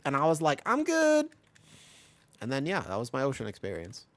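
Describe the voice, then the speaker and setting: Man, twenties, gaming streamer, rambling casual chat, animated pitch, dry close mic. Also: quick pace, no room sound. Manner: rambling storyteller, animated voices when quoting.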